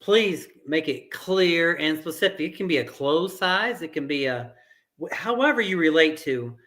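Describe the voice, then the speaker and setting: A man's voice: a little high, animated, moderate pace, fairly bright tone. A middle-aged man giving an earnest motivational fitness talk as a coach, repeating phrases for emphasis.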